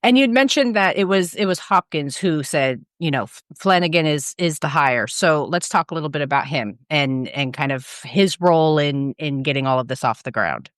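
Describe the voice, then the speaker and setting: A podcast host asking a guest questions in a measured, relaxed way. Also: mid-range voice, no echo, studio quality. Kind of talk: interview questions.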